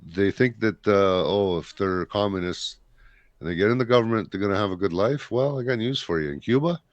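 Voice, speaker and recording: Blunt low-voiced man, rambling. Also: brisk, no room sound, muffled recording. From Canada. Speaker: podcast host. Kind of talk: casual chat.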